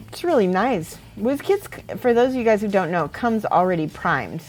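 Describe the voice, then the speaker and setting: A woman hosting a casual livestream, chatting warmly and encouragingly as she critiques painted miniatures and laughs often. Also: medium pitch, very animated, normal speed, soft background music. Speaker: miniature painting host and teacher.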